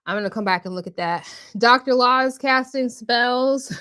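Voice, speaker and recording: A woman's voice: a little high, measured pace. Breathless woman chatting with her stream. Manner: chatty, laughs often, warmly addresses chatters by name. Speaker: livestream host. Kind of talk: casual live-stream chat, reading viewer comments aloud.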